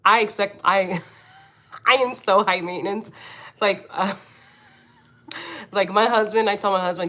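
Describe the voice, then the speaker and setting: Woman streamer from Philly, Philadelphia accent, bright forceful tone, blunt and swears freely. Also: mid-range voice, measured pace, long pauses. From Philadelphia, United States. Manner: blunt, profane, laughs often. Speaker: livestream host, angel medium. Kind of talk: casual livestream chat reading comments.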